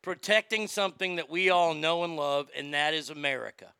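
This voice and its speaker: A man's voice: on the high side, brisk, sharp tone, clean tone, dry recording. A man ranting in a sarcastic, indignant, profane commentary, recorded on a close mic. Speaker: social media commentator.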